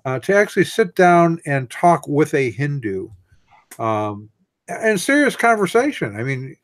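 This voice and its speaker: A man hosting a casual chat, often halting and repeating words as he starts a thought. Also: fairly high pitch, sing-song. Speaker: host.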